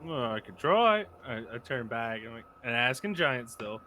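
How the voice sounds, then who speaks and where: A man playing a tabletop game, chatting in an animated, joking way. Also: mid-range voice, normal speed, few pauses, slight background noise. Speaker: player. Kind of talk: casual tabletop game chat.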